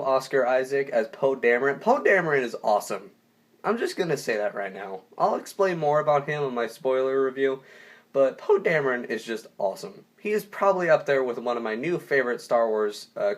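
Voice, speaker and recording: An enthusiastic young man talks through a movie review in a loose, unscripted way. He piles on superlatives and often backs up to restart a sentence. His voice sits at an ordinary middle pitch. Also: expressive, a little fast. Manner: enthusiastic, rambling with frequent restarts. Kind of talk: casual spoken review.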